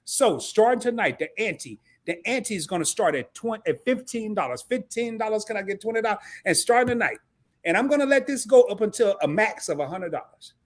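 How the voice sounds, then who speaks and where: A man hosting a casual live stream chat, talking in an animated, slangy way with lots of laughter. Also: high-pitched, brisk.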